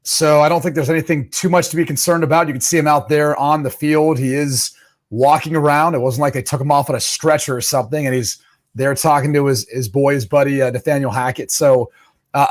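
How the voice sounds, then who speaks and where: A man appearing as a football analyst guest on a podcast, talking confidently and plainly. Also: on the high side. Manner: confident, plainspoken, uses fillers. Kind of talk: casual sports chat.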